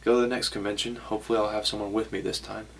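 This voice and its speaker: Talking to camera in a casual vlog, a young man rambles, corrects himself, and shows off his haul. His lowish voice races along with a flat delivery, vocal fry, and a fairly bright tone, over slight background noise.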